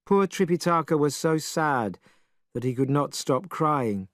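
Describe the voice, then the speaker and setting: A man reads a story slowly and clearly for English learners. His voice rises and falls with lively expression, at a middle pitch. The sound is dry and close, with no room echo. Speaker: story narrator.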